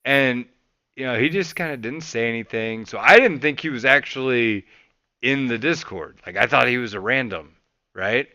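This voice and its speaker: A man hosting a podcast, telling a casual story with lots of swearing and loud re-enactments of his own rants. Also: medium pitch, normal speed, dry recording. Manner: animated, swears freely, voices his past rants loudly. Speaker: podcast host.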